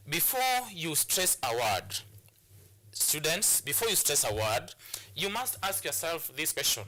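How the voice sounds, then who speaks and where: A man with a Kenyan English accent teaches a televised classroom lesson on stress and syllables, explaining syllables step by step with frequent repetition and rhetorical questions. His voice is on the high side, pushed and bright.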